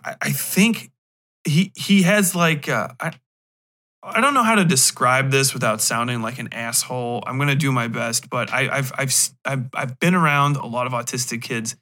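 A man's voice: mid-range voice, moderate pace, bright, forceful tone. A man hosting a podcast, talking through a film in a frank, rambling, casual monologue. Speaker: podcast host. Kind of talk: casual movie review monologue.

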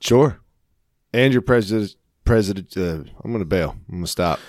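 A man's voice: on the low side, lively intonation, normal speed, darkish tone, no room sound, clean studio sound. A man co-hosting a podcast, chatting casually and joking in a rambling way. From United States. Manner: jokey, rambling, laughs often. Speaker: podcast co-host. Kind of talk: casual chat.

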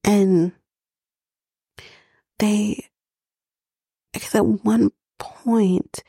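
A woman's voice: mid-range voice, fairly even intonation, drawn-out words, creaky, warm tone, husky, no room sound, studio quality. A woman hosting a podcast, recapping a reality show in a blunt, chatty way with plenty of swearing. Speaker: podcast host.

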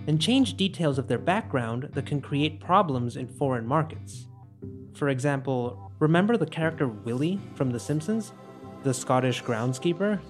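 A man hosting a podcast, narrating from a script in a clear, explanatory way. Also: medium pitch. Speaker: podcast host.

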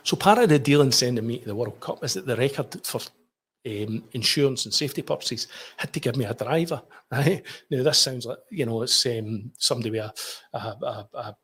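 A middle-aged Scottish journalist telling a story as a podcast guest, chatty, with quick asides and restarts. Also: male voice, medium pitch, a bit bright, husky. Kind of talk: anecdotal storytelling.

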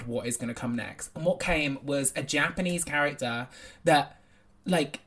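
Woman, low voice, casual film chat, lively, opinionated. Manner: animated, opinionated, quick asides. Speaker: podcast co-host.

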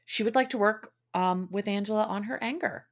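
A woman's voice: mid-range voice, a little fast. A woman co-hosting a casual recap podcast, offering reflective takes drawn from her own therapy and emphatic agreement. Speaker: podcast co-host.

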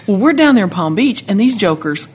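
A woman telling stories in a lively, talkative way as a country music guest in a casual chat. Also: mid-range voice, fairly quick, a little hiss or hum. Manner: lively, talkative, animated storyteller.

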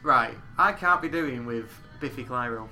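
A man in his thirties chatting casually on a podcast, animated and quick to swear and laugh. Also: medium pitch, faint music behind. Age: 30s. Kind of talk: casual chat.

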